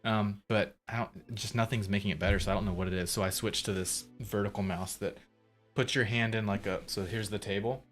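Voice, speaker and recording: A man's voice: on the low side, steady tone, a little fast, a bit bright. A man in his thirties chatting casually on a livestream, rambling, laughing often and reading chat aloud. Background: faint music.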